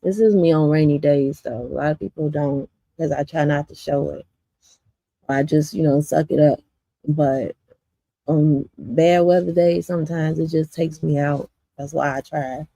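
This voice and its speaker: A woman's voice: sits low, mellow, dry recording. A woman from Chicago's south suburbs, a community vlogger, telling her viewers a story in a blunt, profane, rambling way with lots of fillers.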